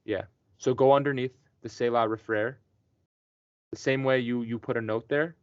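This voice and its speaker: A man's voice: mid-range voice, fairly even intonation, normal speed, dry recording. A man teaching a student one-on-one, patient and encouraging, checking in with the student often. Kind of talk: one-on-one tutoring session. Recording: dull dry lo-fi recording.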